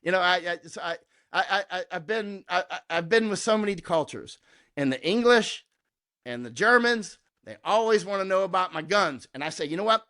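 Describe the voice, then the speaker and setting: Talking at normal speed, the American war correspondent has a high, animated voice that sounds pushed, bright and smooth. He is middle-aged and, in this conversational interview, presses his case combatively and emphatically, frequently adding "right?"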